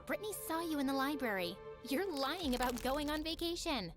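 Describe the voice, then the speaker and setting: A woman voicing a scornful, mean popular teenage girl in an animated story, with music behind. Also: high-pitched, brisk. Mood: sneering. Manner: sneering, scornful.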